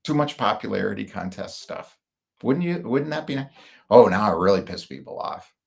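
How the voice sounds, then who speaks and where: A man's voice: on the low side, expressive, moderate pace, gravelly. A middle-aged man from the United States rambling through personal stories with wry asides, in casual monologue style. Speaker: speaker.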